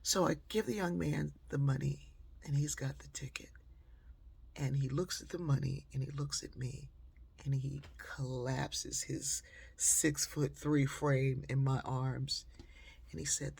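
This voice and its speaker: A woman speaker telling an inspirational story in an animated way, acting out dialogue and often dropping to a whisper. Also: rumbling low, unhurried, creaky, husky. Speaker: motivational speaker.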